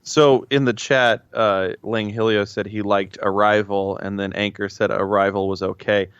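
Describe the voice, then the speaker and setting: A man's voice: on the low side, flat delivery, moderate pace, a bit bright, clean tone, no echo, dull audio. A man co-hosting a podcast in casual chat, rambling and blunt with many restarts. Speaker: podcast co-host.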